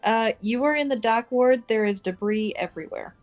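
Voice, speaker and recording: A woman narrating as dungeon master for a tabletop game, laid-back and quick to laugh. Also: fairly high pitch, darkish tone, soft background music.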